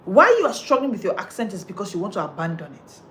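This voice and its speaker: A woman's voice: medium pitch, sing-song, fast talker, fairly bright tone, a little hiss or hum. A woman, coaching listeners on how they speak, emphatic and repetitive as she drives each point home. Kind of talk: motivational coaching talk.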